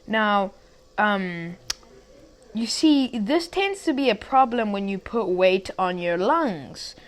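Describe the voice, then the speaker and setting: A woman's voice: mid-range voice, animated, takes it slowly. A young woman tells a story in a loose, conversational way. She trips over her words, restarts her sentences and drifts into side remarks. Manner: rambling, many restarts and asides. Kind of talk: casual storytelling.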